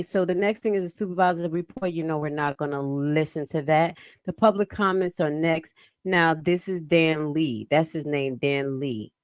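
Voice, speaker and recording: A woman's voice: low voice, darkish tone, no room sound, clean studio sound. A woman hosting a live stream, commenting on meeting clips in a sassy, profane, emphatic way.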